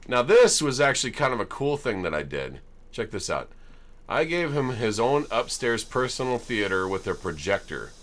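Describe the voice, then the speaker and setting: On a recording with a little hiss or hum, a man with a lowish, somewhat bright voice streams a life-sim game. He wanders through homes he built, chatting casually and chuckling often in an amused way.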